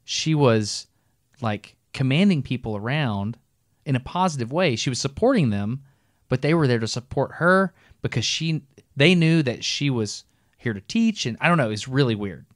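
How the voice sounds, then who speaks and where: A middle-aged man co-hosting a podcast, telling a long story in a casual, animated way and breaking into laughs as he goes. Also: medium pitch, moderate pace, no room sound, clean studio sound. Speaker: podcast co-host.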